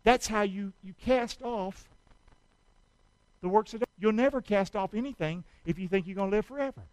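Male pastor, high pitched, dry close-miked sermon with call-and-response. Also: normal speed, no room sound, rough recording. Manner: call-and-response preaching, shouting exhortations.

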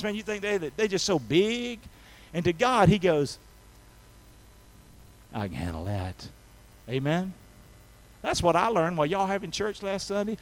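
A man preaching a folksy sermon, calling for responses and swinging from soft talk to shouting. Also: high-pitched, poor audio. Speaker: pastor. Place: church sanctuary.

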